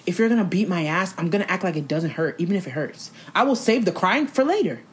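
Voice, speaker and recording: A woman's voice: on the low side, sing-song, fast, husky. A woman in casual chat, ranting emphatically with lots of slang, as a podcast co-host.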